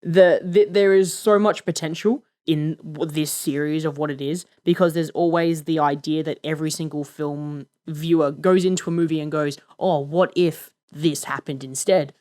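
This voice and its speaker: A man's voice: fairly high pitch, fairly even intonation, normal speed, hardly any pauses, darkish tone. A man co-hosting a podcast in casual chat, enthusiastic and often repeating words as he goes. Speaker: podcast co-host.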